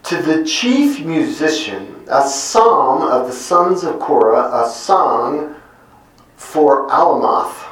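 A middle-aged man delivers a Bible teaching sermon at an unhurried, measured pace, leaning hard on single words one after another. His voice sits in a very reverberant room, picked up from some distance away from the mic. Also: fairly high pitch, very animated. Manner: deliberate, lingers on single emphatic words. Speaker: preacher.

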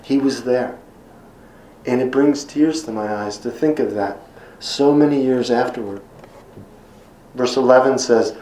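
A middle-aged man preaching a sermon in an earnest, emphatic way, slowing down and repeating words when quoting scripture. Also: medium pitch, mellow, roomy sound, rough recording. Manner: earnest, emphatic repetitions, slows for scripture quotes. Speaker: pastor.

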